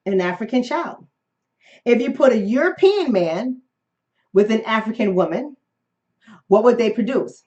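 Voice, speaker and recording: A woman's voice: on the high side, animated, measured pace, long pauses, darkish tone, muffled recording. Emphatic woman hosting a live book club. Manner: emphatic, repeats key phrases, rhetorical questions. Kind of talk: live-streamed book discussion.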